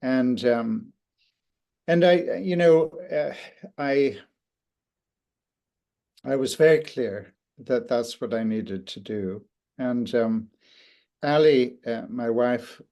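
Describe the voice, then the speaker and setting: An older man giving an interview, speaking reflectively and haltingly, with many restarts and pauses. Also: medium pitch, gravelly, a little mellow. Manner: thoughtful, halting with frequent restarts and fillers. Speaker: interview guest, author.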